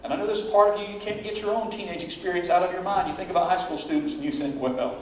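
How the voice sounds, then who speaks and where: A man preaching a sermon as pastor, dramatic and animated, acting out the words and prayers he quotes. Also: high voice, racing, a little hiss or hum. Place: church sanctuary. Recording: very echoey church hall, voice from far off.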